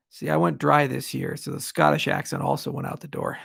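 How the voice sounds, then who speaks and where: Founder answering live questions; gravelly, blunt, candid, dry close sound. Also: male voice, fairly high pitch, wildly swooping pitch, brisk, fairly bright tone, no echo. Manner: candid, blunt, rambling asides. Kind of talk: livestream Q&A.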